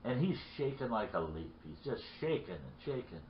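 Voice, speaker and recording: A man's voice: fairly low pitch, sing-song, normal speed, a little hiss or hum. A man telling a folksy story from his boyhood in a rambling, repeating way. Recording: roomy lo-fi recording.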